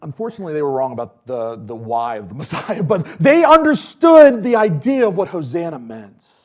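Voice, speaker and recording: A man gives a casual, conversational sermon and speaks in a high voice. His pitch rises and falls a lot as he tells stories. He fills his talk with casual fillers and drops from loud bursts to near-whispered asides. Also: a little fast. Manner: animated, storytelling, swings from loud to hushed; chatty with many fillers. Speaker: preacher.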